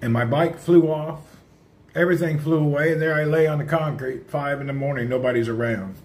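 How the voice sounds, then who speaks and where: In a slightly high, slightly fast voice, a man chats casually on a livestream, rambling and reading out answers to his viewers' comments.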